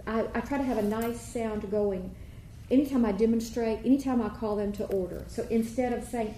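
A woman choir director giving a workshop, explaining and demonstrating warm-ups and singing vowels for her listeners. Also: medium pitch, steady tone, normal speed, a little hiss or hum. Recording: echoey room with faint ambience.

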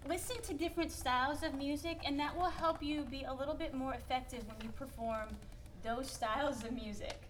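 A woman's voice: sits high, fairly even intonation, fairly quick, far from the mic, a little hiss or hum. A woman from Minnesota with a Minnesotan accent, giving a chatty piano lesson with playful emphasis and laughing asides. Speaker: piano teacher. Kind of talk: workshop lesson on piano playing.

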